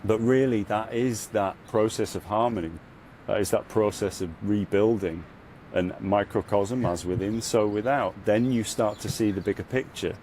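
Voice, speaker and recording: A man, a podcast guest and spiritual guide, talking earnestly and reflectively in a casual interview, leaning on "you know" and getting louder when he recounts his ordeal. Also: lowish voice, moderate pace, a little hiss or hum.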